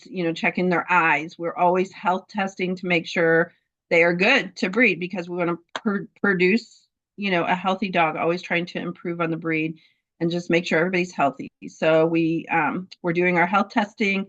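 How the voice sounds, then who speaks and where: A woman telling a heartfelt story about her dogs' health, halting, with many fillers and restarts. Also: lowish voice, fairly bright tone, muffled recording. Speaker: dog breeder sharing a testimonial. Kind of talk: casual testimonial in a group talk.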